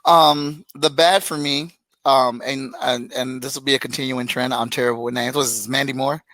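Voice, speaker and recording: Animated, blunt man podcast co-host with a bright, tense voice. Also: mid-range voice, moderate pace, no echo, rough recording. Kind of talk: casual chat.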